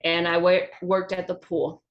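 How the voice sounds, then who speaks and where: A woman's voice: on the low side, flat delivery, dull audio. A woman from Georgia with a Southern accent, a comedian telling a chatty, profane story over drinks. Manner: chatty, profane, quick anecdotes. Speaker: comedian guest.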